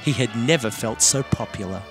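A man telling a dark comic story deadpan and bantering as a co-host. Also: medium pitch, normal speed, music in the background. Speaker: comedy podcast co-host.

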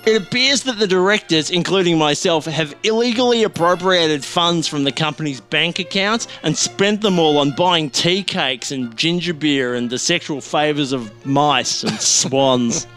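A man's voice: fairly high pitch, measured pace, few pauses, fairly bright tone, faint music behind. A man voicing a large, crooked male zebra boss in a comic story, pompous in manner.

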